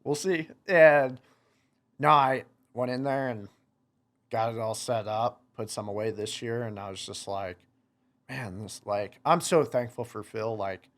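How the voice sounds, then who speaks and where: A man's voice: mid-range voice, measured pace, fairly bright tone. A young man in his twenties, a motocross racer, telling a story in a casual podcast chat, rambling with lots of "like" fillers and quoting himself. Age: 20s.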